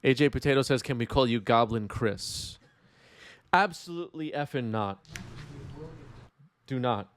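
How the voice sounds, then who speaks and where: A man's voice: mid-range voice, expressive, a little slow, long pauses, a little hiss or hum. A man with a New York accent commentating a live card game stream, wry and reading chat aloud.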